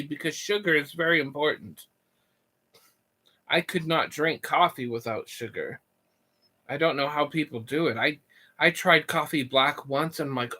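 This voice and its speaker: A young man live-streaming in a loose, rambling way, joking with his chat. His voice sits a touch high and sounds bright and forward. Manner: goofy, rambling, reads chat and jokes.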